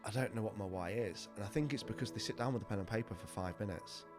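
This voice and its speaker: A man's voice: fairly low pitch, fast, music in the background. A man, a fitness and mindset coach telling his life story openly in an interview, full of "you know" fillers. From England. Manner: open, reflective, lots of "you know" fillers.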